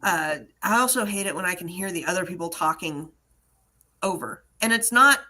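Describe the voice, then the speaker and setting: An American woman hosting a live online-selling Q&A in casual, animated chat, laughing often. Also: lowish voice, normal speed.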